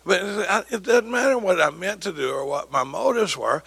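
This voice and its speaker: A man's voice: high voice, expressive, fairly quick, gravelly, few pauses, a bit bright, breathy edge. An older man giving a folksy, joking talk at a recovery meeting, acting out the voices of people he quotes. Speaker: recovery speaker.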